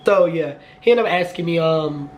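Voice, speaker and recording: A young man in his twenties, voice a touch higher than most, spins a storytime vlog in a lively, cursing rush. His delivery keeps jumping up into high, excited outbursts. A faint hum sits under the recording. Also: moderate pace. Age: 20s. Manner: animated, profane, jumps to high excited outbursts. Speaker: vlogger.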